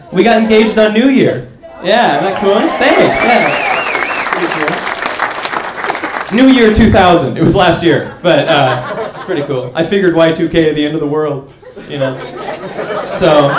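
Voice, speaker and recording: Young man, stand-up comic, high voice, rambling delivery, echoey club room, crowd noise. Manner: loose rambling delivery with lots of "like" and "you know". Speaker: stand-up comedian. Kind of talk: stand-up comedy set. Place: comedy club stage with live audience.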